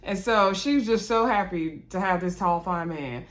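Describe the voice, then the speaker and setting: A woman giving a casual, chatty recap of a reality TV episode, full of sassy asides and big swings in pitch. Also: normal speed.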